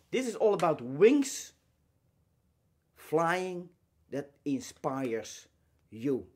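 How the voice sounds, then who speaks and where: A man giving an inspirational lecture, emphatic and full of rhetorical questions, speaking in short phrases with pauses and repeating key words. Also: a little high, expressive, a little mellow, husky.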